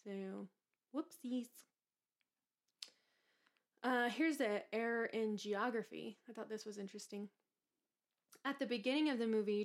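A woman co-hosting a casual chat, playfully reading out movie trivia and laughing along. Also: mid-range voice. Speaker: podcast co-host.

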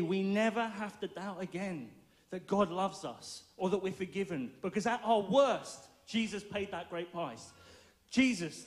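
A man preaching an informal, lively sermon in a playful, joking way, laughing often. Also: sits high.

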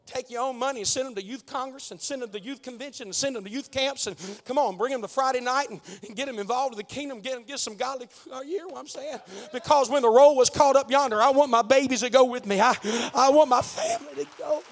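Middle-aged male pastor, very high-pitched, fiery preacher who swings from shouting to near-whispers. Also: fast talker, in a large hall. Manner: shouting, swinging between loud preaching and hushed pleading. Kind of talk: fiery Pentecostal-style sermon.

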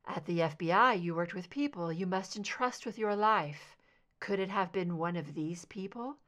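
A woman reader voicing a therapist who leads a hypnosis session in low, modulated, measured tones. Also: a bit bright, close to an everyday voice. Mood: soothing.

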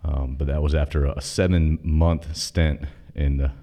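His voice is very deep and his delivery unhurried. This North Carolina man, a former Army officer appearing as a podcast guest, spins casual, animated stories packed with profanity and quoted dialogue.

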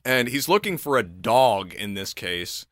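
A young man in casual comedic chat, telling an animated story full of laughter and swearing. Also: lowish voice, a little slow, dry recording, clean studio sound.

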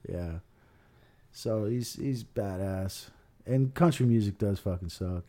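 A man's voice: fairly low pitch, slow pace, warm tone. A man co-hosting a podcast, chatting loosely with lots of fillers and swearing. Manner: loose, rambling, filler-heavy. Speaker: podcast co-host. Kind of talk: casual podcast chat.

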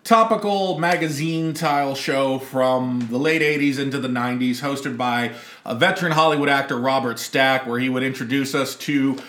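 A man's voice: mid-range voice, moderate pace, a bit bright. A man in his thirties hosting a casual podcast chat, rambling with fillers and laughing often. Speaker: podcast host. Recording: echoey room.

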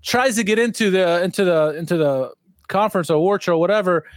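A man's voice: high-pitched, fast talker, dry recording, studio quality. A man co-hosting a casual podcast, reading out posts and laughing often. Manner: laughs often, reads out tweets. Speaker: podcast co-host. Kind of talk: casual chat.

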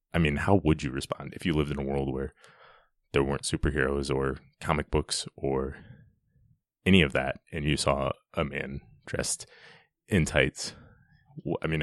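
Super deep voiced guy excitedly breaking down a movie scene, dry close sound. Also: dry recording. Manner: enthusiastic, chatty, with frequent restarts. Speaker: film commentator. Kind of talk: casual film scene commentary.

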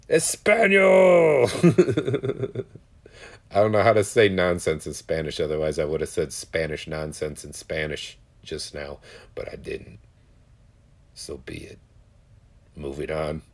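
A man with a somewhat low voice talks straight to his audience in a loose, rambling monologue. He curses freely and drifts between storytelling and musing in an easy, conversational way. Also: a little mellow.

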